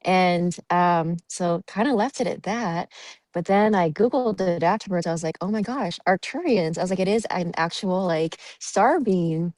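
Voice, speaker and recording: A woman's voice: lowish voice, normal speed, darkish tone, dry recording. A woman guest chatting on a podcast, giggly and dreamy, with many fillers. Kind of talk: casual podcast chat.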